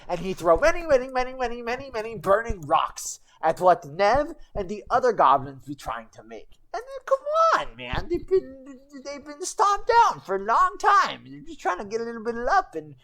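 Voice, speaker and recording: A woman's voice: a little high, very animated, moderate pace, few pauses, a bit bright. A woman streamer telling a goblin legend in rambling, broken goblin-style grammar, with chatty asides. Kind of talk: casual livestream storytelling.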